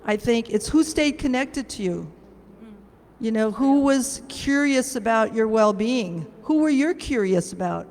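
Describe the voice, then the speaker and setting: A woman's voice: a little high, lively intonation, measured pace, darkish tone, long reverb tail. A woman from Chicago on a discussion panel who talks reflectively and poses rhetorical questions. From Chicago, United States.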